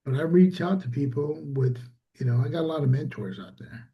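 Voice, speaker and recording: A man's voice: a little high, expressive, brisk, muffled recording. A man, a small business owner, telling a story in casual conversation and acting out quoted dialogue.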